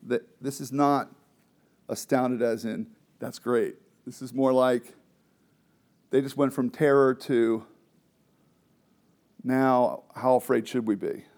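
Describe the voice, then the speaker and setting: Guy leading a bible study, animated, keeps quizzing the room. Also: mid-range voice, slow pace, pauses often. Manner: animated, explains with questions to the group. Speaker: Bible teacher.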